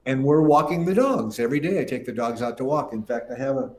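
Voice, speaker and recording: A man's voice: mid-range voice, fast, darkish tone. An older man, a musician guest, telling a rambling anecdote in casual talk and acting out the voices of people he quotes. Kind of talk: casual storytelling interview.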